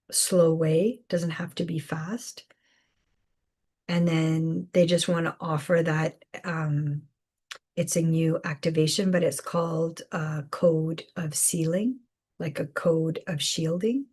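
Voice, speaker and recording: A woman hosting a live spiritual guidance session, speaking softly with many fillers and repeated phrases. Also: low voice. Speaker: intuitive guidance host.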